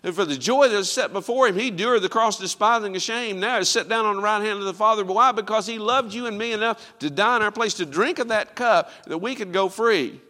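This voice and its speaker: A man preaching a sermon, quoting scripture and swinging from loud, ringing lines to hushed ones. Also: sits high, brisk, few pauses, in a large hall.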